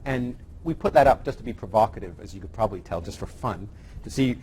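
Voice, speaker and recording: A man's voice: on the low side, lively intonation, quick pace, darkish tone, slightly rough. A man teaching a live class on evidence-based medicine, chatty and teasing with his co-presenter. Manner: jokey, teasing, conversational. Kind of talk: live teaching session with banter.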